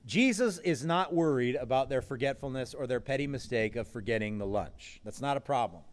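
A man preaching a sermon in a conversational way, acting out quoted voices with sudden rises in pitch. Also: expressive, brisk. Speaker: pastor. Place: event with food nearby.

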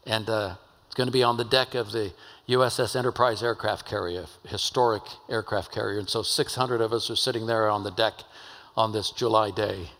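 A man's voice: fairly low pitch, steady tone, a little fast, fairly bright tone. An older man, a pastor, telling a story in a conversational sermon in a church. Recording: long hall reverb.

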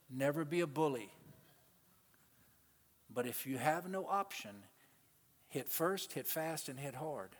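A male preacher delivers a sermon in a church, his voice sitting a little high for a man. He surges to emphatic peaks and then pulls back to quiet asides, calling out to the congregation. The sound rings with the long reverb of a large sanctuary. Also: expressive, slow, long pauses. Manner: calls out to the congregation. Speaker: pastor.

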